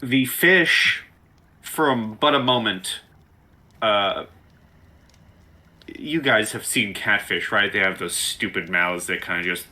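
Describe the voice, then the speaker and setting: A man's voice: fairly low pitch, slow pace, long pauses, sharp tone, low-quality recording. A man narrating a tabletop game as game master, playful and descriptive with hesitant fillers.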